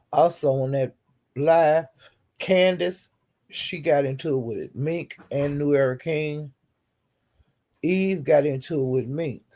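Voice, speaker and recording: Casual male host, slightly high and fry-laden voice, blunt gossipy delivery. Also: warm tone. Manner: chatty, blunt gossiping retelling. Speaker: host recapping livestream drama.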